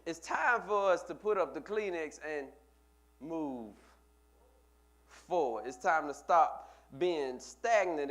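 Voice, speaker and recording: Emphatic preaching man, higher voice. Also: expressive, a little slow. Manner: preaching with rising emphatic repetition. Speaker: pastor. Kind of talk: sermon.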